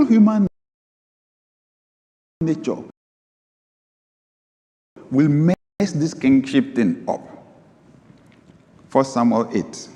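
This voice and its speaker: A man preaching a sermon as pastor, reading scripture aloud, moving from low asides to sudden high, emphatic bursts. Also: mellow. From Nigeria. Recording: long hall reverb.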